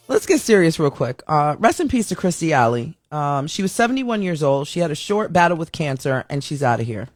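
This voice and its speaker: A woman's voice: sits low, sing-song, normal speed, pauses often, no room sound. A woman talks straight to her audience from her home studio, open and self-mocking, and she laughs easily. The sound is dry and close, with a little music playing faintly underneath. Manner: candid and self-deprecating, laughs often. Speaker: talk show host. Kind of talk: casual chatty monologue.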